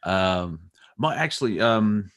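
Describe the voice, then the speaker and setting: Guest, male, Australian-born with a faded international accent, deep-ish voice, laid-back and giggly, on a video call. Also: animated, takes it slowly, a bit bright. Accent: mild mixed international accent. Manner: chatty, laughs often, many fillers. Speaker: guest author. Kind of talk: casual chat.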